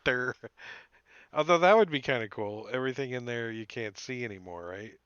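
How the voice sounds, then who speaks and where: A man's voice: mid-range voice, normal speed, fairly bright tone, clean tone, no room sound, highs cut off. Chatty man playing a tabletop game. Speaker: player. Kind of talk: tabletop game play, casual chat.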